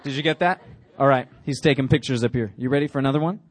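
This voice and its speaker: A man preaching a lively youth sermon, switching between reading scripture and joking with the crowd. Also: medium pitch, fast talker. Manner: animated, playful asides to the crowd. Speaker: youth pastor.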